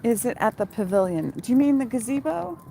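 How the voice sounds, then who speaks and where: A woman's voice: a little high, very animated, fairly quick, vocal fry, dark tone, a little hiss or hum, poor audio. Chatty woman vlogging on a night walk. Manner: chatty, swears casually, laughs often. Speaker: vlogger and former TV costumer. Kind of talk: casual chat while walking dog, reading viewer questions. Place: outdoors on a town street at night.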